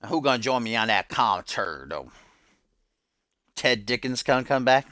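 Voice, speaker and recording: Man, bright forceful voice, dry close sound, mock wrestling announcer, joking stream host. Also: mid-range voice, expressive, moderate pace, no echo. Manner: hype announcer delivery, loose and joking. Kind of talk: mock wrestling commentary over a video game.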